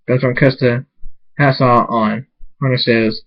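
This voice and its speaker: A man reading his own fan fiction aloud in a halting way, often stumbling and restarting, on a dull lo-fi mic. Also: mid-range voice, flat delivery. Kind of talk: amateur story reading.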